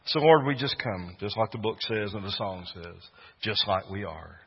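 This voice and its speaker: Male pastor, earnest sermon, slightly husky voice, long hall reverb, dull sound. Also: fairly low pitch, animated, normal speed. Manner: earnest preaching, swelling to loud fervent peaks.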